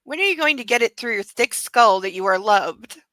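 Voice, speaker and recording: An earnest young woman scolds her lover gently in a soft, hushed voice that slips toward a whisper, read out by a woman. Her voice sounds bright and clear. The recording is close and dry, with no room sound. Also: fairly high pitch, expressive, normal speed, dry recording, low-quality recording. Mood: reproachful.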